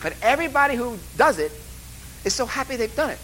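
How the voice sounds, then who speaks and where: A man's voice: very high voice, very animated, fast talker, a bit bright, slight background noise, low-quality recording. Joking, rambling male lecturer. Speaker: college instructor. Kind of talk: course orientation lecture. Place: classroom or lecture hall.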